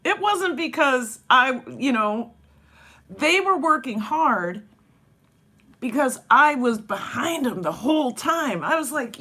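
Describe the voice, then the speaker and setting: A woman chatting her way through breakfast at home, rambling and laughing as she talks. She speaks in an unhurried, drawn-out way. Her voice has a bright, forceful edge. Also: sits high, lively intonation. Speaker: vlogger and dance teacher. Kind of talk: casual vlog chat over breakfast.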